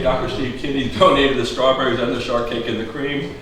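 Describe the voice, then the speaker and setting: A man's voice: mid-range voice, flat delivery, brisk, recorded from a distance, crowd noise. Chatty man talking in an echoey room. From Maine. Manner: chatty, joking, asks the audience questions. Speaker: historical society host. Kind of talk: casual talk to a small audience. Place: schoolhouse room.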